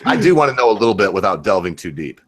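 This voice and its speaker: A man's voice: sits low, sing-song, racing. Give me a tipsy man from Michigan hosting a loose, crude livestream chat. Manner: crude, rambling, joking. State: drunk. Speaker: livestream host.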